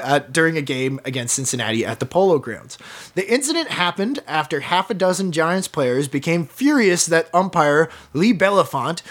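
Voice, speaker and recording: A woman hosting a casual podcast who tells a story and laughs often as she goes. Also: deep voice. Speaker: podcast host.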